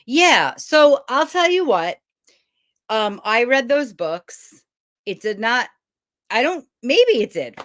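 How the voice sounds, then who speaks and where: Her voice sits on the high side and moves slowly, recorded at studio quality with no room sound. This Brooklyn-born, middle-aged host of a self-help challenge series chats to camera from home, animated and rambling with asides as she gives a casual motivational talk.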